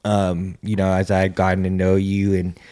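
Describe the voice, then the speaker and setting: A man interviewing a friend, talking in a warm, hesitant way with many fillers. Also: low-pitched, monotone, moderate pace. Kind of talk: casual interview.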